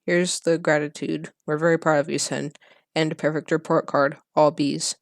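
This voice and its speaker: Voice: medium pitch, normal speed, vocal fry, no echo, studio quality, close to an everyday voice. A reader voicing a proud father bee, reading his script lines aloud with almost no acting. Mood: flat. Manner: flat reading, barely acted.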